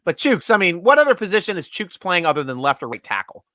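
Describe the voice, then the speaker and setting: A man hosting a live sports chat stream, excitable, laughing often and talking in quick bursts. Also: sits high, dry recording, studio quality. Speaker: host.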